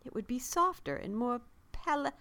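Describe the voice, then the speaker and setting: A woman's voice: high voice, animated, normal speed, pushed and bright, pitched above the performer's own voice. A woman voicing a bossy, self-important little male toaster man who snaps and chokes on long words.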